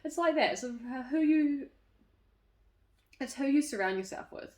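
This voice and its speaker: A woman's voice: high-pitched, animated, unhurried, darkish tone, echoey room. A woman hosting a community chat series, talking openly about her own life in a candid, reflective way, often laughing and restarting her thoughts. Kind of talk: personal reflective talk to camera.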